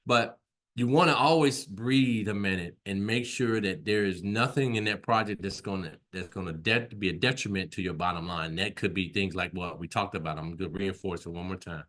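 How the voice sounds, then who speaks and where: A man's voice: low voice, normal speed, fairly bright tone. A man teaching an online class in a conversational way, repeating himself and often checking in with "right?". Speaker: instructor.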